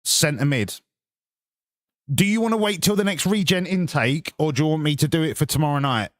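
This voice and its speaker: A man's voice: fairly high pitch, expressive, moderate pace, no echo, studio quality. Sweary English man chatting to his stream. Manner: swearing, banter with chat. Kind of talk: casual live-stream chat.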